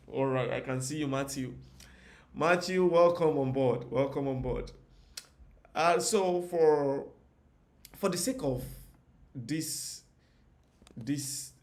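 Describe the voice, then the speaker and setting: A man's voice: medium pitch, gravelly, darkish tone. A man teaching a live design tutorial in a chatty way, often repeating phrases and talking to viewers in the comments.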